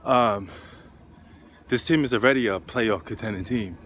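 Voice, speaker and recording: A man's voice: lowish voice, a little slow, fairly bright tone, slight background noise. A man talking basketball while walking uphill outdoors, a little out of breath and rambling with lots of ums. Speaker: sports vlogger. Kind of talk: casual walking vlog.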